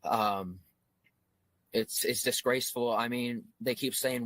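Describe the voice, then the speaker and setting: A man's voice: medium pitch, steady tone, unhurried, a bit bright, no echo. A man interviewed as a local resident, speaking bluntly and indignantly, restarting his sentences. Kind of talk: interview comments.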